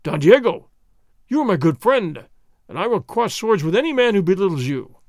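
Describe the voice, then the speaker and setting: A man plays a hulking, hot-tempered sergeant who sputters and roars. The voice jumps around in pitch and is recorded dry and close. The reading belongs to an audio storybook. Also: sing-song, moderate pace, a little mellow, no echo. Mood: blustering. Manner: roaring, sputtering. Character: big blustering sergeant, loud and choking with rage.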